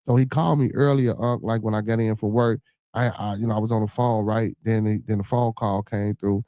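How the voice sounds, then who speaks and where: Male podcast host, low mellow voice, loose and profane, constant fillers, dry close mic. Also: steady tone, fairly quick, dry recording. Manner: rambling, profane, full of shout-outs and fillers. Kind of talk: casual livestream chat.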